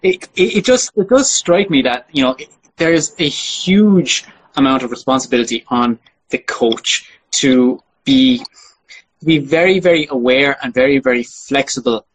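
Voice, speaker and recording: A man hosting a podcast interview, replying in a halting way with many restarts and fillers. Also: mid-range voice, husky, poor audio. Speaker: podcast host. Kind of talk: casual interview chat.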